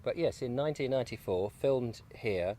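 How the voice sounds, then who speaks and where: A man's voice: medium pitch, lively intonation, normal speed, dark tone. A man, a guest, chatting in a rambling, jokey way over breakfast on an allotment, sometimes with his mouth full. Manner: rambling, jokey, talks while eating. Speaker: guest, video maker. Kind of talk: casual outdoor chat. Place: outdoors on an allotment.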